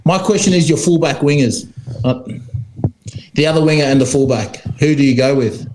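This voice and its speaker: A former rugby player, chatting casually on a sports podcast and laughing often. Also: male voice, a little high, normal speed, darkish tone, a little hiss or hum, low-quality recording.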